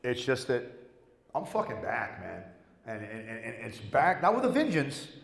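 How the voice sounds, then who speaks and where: Middle-aged guy swearing his way through a story on a panel, average pitch, big echoey hall. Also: wildly swooping pitch, normal speed, gravelly, soft background music. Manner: profane, rambling, acts out dialogue. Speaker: panel guest. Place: convention panel room.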